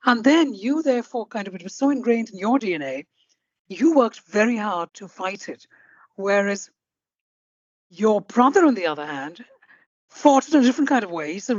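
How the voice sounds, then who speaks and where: Measured woman hosting a podcast. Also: medium pitch, lively intonation, dry recording, muffled recording. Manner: measured, deliberate, summarizing. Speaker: podcast host. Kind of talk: interview podcast.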